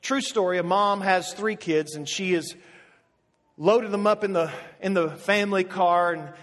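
A male pastor preaching a sermon, telling an animated story with many asides and restarts. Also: high-pitched, a little slow. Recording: echoey hall with long reverb.

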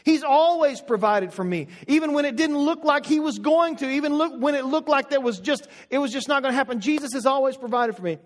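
A man's voice: very high-pitched, a little fast, hardly any pauses, big-room sound. A middle-aged man preaching a sermon as pastor, rising in fervor and calling his congregation to answer back.

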